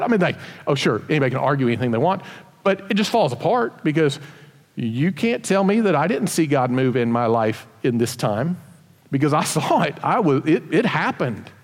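A male pastor giving a sermon in a lively, conversational way, asking the congregation rhetorical questions. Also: sits high, big-room sound.

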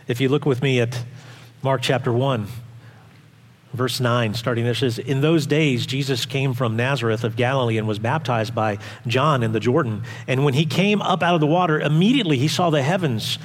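Earnest preaching man in a reverberant hall. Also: mid-range voice. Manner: earnest, emphatic, repeats key points. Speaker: pastor. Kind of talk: sermon with scripture reading. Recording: long reverb of a large hall.

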